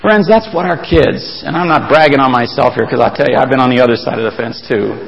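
A man preaching a sermon as a pastor, earnest and emphatic, his pitch leaping up to stress a point. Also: fast, vocal fry, long reverb tail, highs cut off.

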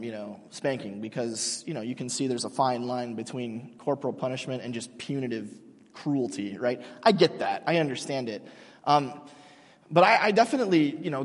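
Joking pastor, husky, in a big hall. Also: male voice, mid-range voice. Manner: casual, joking storytelling with many restarts. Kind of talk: sermon. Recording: long hall reverb.

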